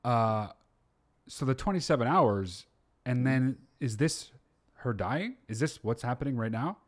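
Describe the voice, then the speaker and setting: Podcast host guy, super expressive pitch, rambly and hyped, swears casually. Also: measured pace. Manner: enthusiastic, rambling, lots of fillers and swearing. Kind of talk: casual interview chat.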